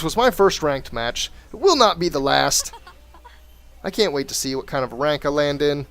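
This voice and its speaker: A man's voice: fairly high pitch, animated, moderate pace, fairly bright tone. A man giving wry, chatty play-by-play commentary on a game replay from his computer at home. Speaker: game caster.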